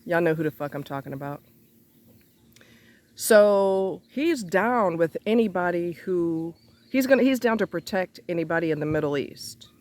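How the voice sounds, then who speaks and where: A woman ranting straight to her viewers in an angry monologue, full of cursing and repeated rhetorical questions, her voice jumping up high when she gets heated. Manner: indignant, profane, rhetorical questions, pitch leaps when heated.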